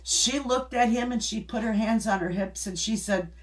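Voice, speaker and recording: A woman's voice: on the high side, moderate pace. A middle-aged woman hosting a homestead channel, chatting casually and telling a story in a folksy, rambling way with restarts and little chuckles.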